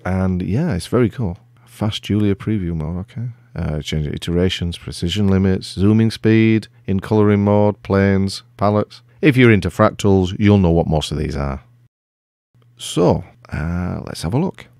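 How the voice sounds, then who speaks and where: Low, gravelly middle-aged man hosting a relaxed software walkthrough, self-deprecating and rambling. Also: moderate pace, no echo, clean studio sound. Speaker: tech video host. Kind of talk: casual screen-recorded software walkthrough.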